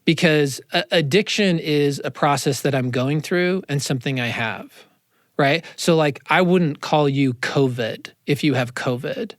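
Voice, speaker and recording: A man, a counselor, talking in a casual interview, animated and quick with asides, in a studio. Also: a little high, no room sound. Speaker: counselor, podcast guest. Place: radio studio.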